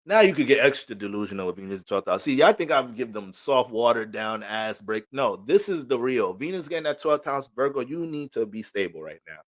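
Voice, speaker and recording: A young man giving a casual, profane, joking astrology reading in animated rants. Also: medium pitch, a little fast, few pauses. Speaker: astrology reader.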